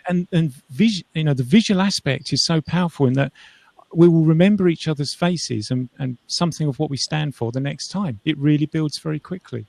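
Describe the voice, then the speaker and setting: A man's voice: fairly high pitch, fairly quick, creaky, a little mellow, no room sound. Chatty man from England on a video call. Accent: southern English. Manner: chatty, self-deprecating, laughs easily. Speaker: live-stream guest. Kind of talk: casual video-call chat. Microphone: big desk mic on video call.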